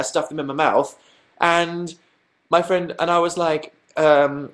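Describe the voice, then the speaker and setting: Young guy hosting a casual live chat, slightly high voice, rambling and self-mocking. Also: fairly quick. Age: young adult. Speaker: livestream host.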